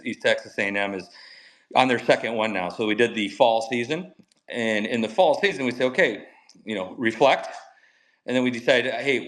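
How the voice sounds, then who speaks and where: A man's voice: fairly low pitch, a bit bright, poor audio. A middle-aged man, a mental skills coach, talking energetically on a podcast and acting out quoted dialogue. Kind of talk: enthusiastic podcast storytelling.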